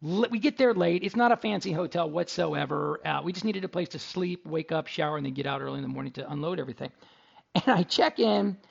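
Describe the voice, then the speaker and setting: A middle-aged man hosts a radio talk show, telling stories in a chatty, joking way. His voice sits high and has a gravelly rasp. The recording sounds a little dull and lo-fi. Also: brisk. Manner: chatty, jokey storyteller. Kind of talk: casual radio talk and ad read.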